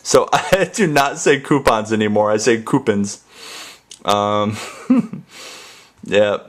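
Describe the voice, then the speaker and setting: A young man from the States chats in a loose, goofy way, saying words again and again to test them. His voice sits very low. The talk is unscripted and rambling. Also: lively intonation, slow. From United States. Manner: goofy, playful, repeats words in different ways. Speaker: ASMR channel host. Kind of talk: casual rambling vlog.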